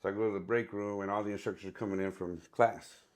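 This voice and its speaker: In a fairly low, gravelly voice with fairly even intonation, a man in his thirties, a Marine veteran and barber appearing as a podcast guest, tells stories at a quick pace. He swears, uses slang and keeps laughing.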